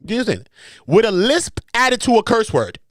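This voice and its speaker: Animated, joking New man. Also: high-pitched, moderate pace, no echo. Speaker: podcast host. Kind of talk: comedic reaction commentary.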